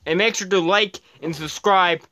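A man from Canada hosting his own gaming channel, giving excitable let's-play commentary and shouting at the game as he races. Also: high-pitched, moderate pace.

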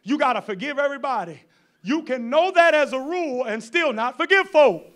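A man preaching a sermon as pastor, folksy and fiery, at times rising to shouts. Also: very high voice, lively intonation, a little fast.

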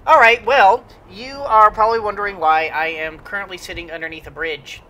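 A let's play host giving rambling gameplay commentary, full of fillers and excited exclamations. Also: mid-range voice, brisk, a little hiss or hum.

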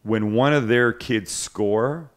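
A man's voice: medium pitch, slow. A middle-aged man hosting a cooking show, telling stories in casual chat. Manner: chatty storyteller, self-deprecating.

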